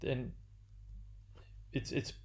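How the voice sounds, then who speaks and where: A man giving an unscripted literature lecture, halting and full of fillers and restarts.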